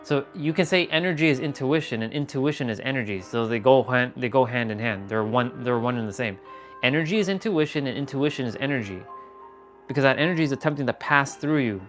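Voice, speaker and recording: A man hosting a fitness livestream, talking in a casual, animated, rambling way and swearing freely. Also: mid-range voice, fairly quick, faint music behind. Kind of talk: casual motivational livestream talk.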